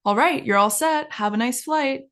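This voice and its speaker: Brief: woman reading a polite security officer, calm courteous instructions, slightly high voice. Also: moderate pace.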